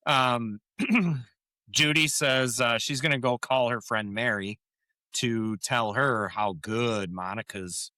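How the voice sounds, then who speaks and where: Co-host, giggly scene recapper, bright tone, slow and easy, dry booth. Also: medium pitch, dry recording. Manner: laughs often while retelling scenes; acts out quoted lines in changed voices. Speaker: podcast co-host. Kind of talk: casual episode recap chat.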